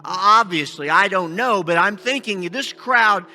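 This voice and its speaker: A man acting out a scheming blind beggar in a first-person sermon monologue, halting and restarting often, with faint music behind him. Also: sits high, animated, heavily acted. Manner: halting with many restarts, shouting out pleas. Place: church sanctuary.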